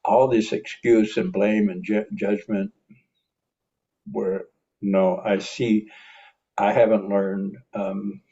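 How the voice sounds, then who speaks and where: A man's voice: on the low side, flat delivery, slow, long pauses, mellow, husky, lo-fi sound. A middle-aged man talking about recovery in an earnest, reflective monologue, sighing often and restarting his sentences. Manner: earnest, self-reflective, with frequent restarts and sighs. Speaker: recovery and personal growth speaker.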